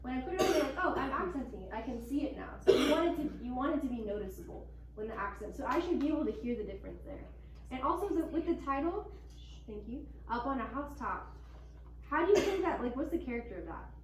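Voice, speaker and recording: A fairly high-voiced woman teaches a band class in an upbeat, encouraging way, chatty and casual. She sounds a little far from the mic in an echoey room. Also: very animated, fast. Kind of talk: classroom music lesson.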